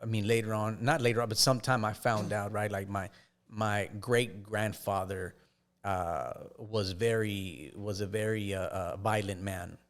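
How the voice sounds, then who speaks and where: Guy on a podcast telling his story, kinda low voice, stops and restarts a lot. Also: steady tone. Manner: halting, with frequent restarts and fillers. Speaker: podcast guest. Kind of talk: casual personal storytelling.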